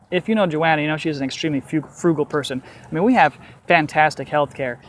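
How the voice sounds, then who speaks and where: Young adult man vlogger, casual and candid, slightly high voice, storytelling on a walk. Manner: candid, animated, swears casually.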